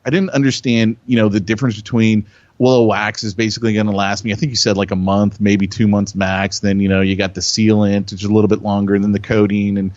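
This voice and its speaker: A man co-hosting a podcast, telling stories in an excitable way, repeating himself and loudly acting out what people said. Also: on the low side, fast, dry recording, dull audio. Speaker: podcast co-host. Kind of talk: animated storytelling chat.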